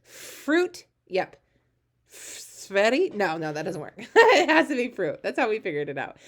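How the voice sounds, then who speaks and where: A woman leads an early reading lesson for small children, her mid-pitched voice encouraging and animated. She slows right down whenever she reads a sentence aloud. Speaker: teacher.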